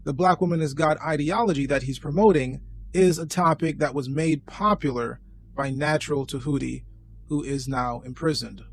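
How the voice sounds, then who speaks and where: A man's voice: fairly high pitch, moderate pace, a little hiss or hum. A man narrating a scripted commentary voice-over in a dry, sarcastic tone.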